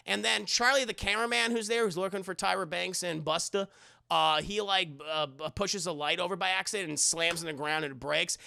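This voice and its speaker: A man's voice: high voice, fairly quick, gravelly, bright, forceful tone, dry recording, clean studio sound. A man giving a rambling, sarcastic and profane movie recap to his chat. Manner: sarcastic, rambling, swears often.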